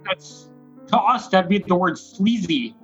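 A man's voice: high voice, animated, unhurried, a bit bright, muffled recording, soft background music. An American man, a podcast guest, giving short dry replies in a casual chat. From United States.

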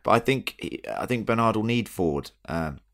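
A man's voice: fairly low pitch, lively intonation, moderate pace, a bit bright. A man co-hosting a casual podcast, musing with hesitant restarts and teasing remarks. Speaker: podcast co-host. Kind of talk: casual chat.

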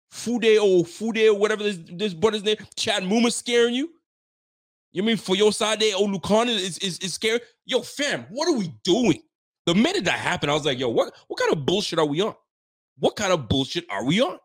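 A man's voice: high-pitched, fairly bright tone. A man from Ontario hosting a sports show, venting heatedly after a game with frequent cursing. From Ontario, Canada. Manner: heated, profane, fired-up venting. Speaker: sports podcast host. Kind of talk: postgame rant.

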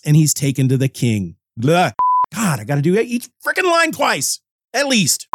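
A man's voice: a little high, very animated, measured pace, fairly bright tone, no room sound, clean studio sound. Stuffy-nosed sick man reading. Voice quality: stuffy, congested. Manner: frustrated, self-mocking, repeats lines. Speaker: podcast host. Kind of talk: casual podcast reading with retakes.

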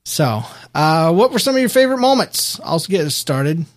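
Rambling, animated man podcaster. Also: a little high, moderate pace. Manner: rambling, animated, frequent restarts. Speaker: podcast co-host. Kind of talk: casual show recap chat.

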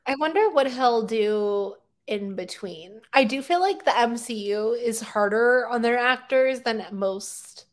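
A woman co-hosting a casual chat, talking quickly with laughing asides. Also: a little high. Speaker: podcast co-host.

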